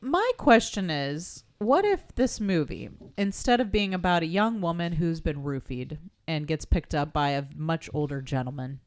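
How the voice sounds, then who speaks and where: A woman's voice: low-pitched, moderate pace, few pauses. A woman co-hosting a podcast in casual chat, joking and acting out quotes. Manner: animated, jokey, acts out quotes. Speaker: podcast host.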